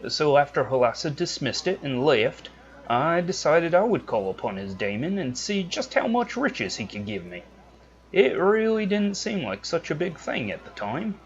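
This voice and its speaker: A man's voice: big pitch swings, normal speed, highs cut off. A man doing a cheeky rogue sidekick. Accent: put-on Irish-like brogue. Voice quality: high light voice. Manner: chatty, irreverent. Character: young male rogue henchman, cheeky.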